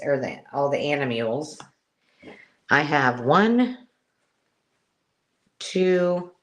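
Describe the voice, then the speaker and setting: A woman hosting a live-stream craft sale, chatty and excitable, counting items aloud as she shows them. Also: a bass voice. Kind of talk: casual live-stream selling chat.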